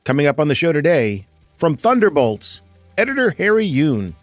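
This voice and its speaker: Male podcast host, playful and self-mocking, animated delivery, dry studio sound. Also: on the high side, normal speed, no echo, faint music behind. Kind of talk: podcast hosting and ad read.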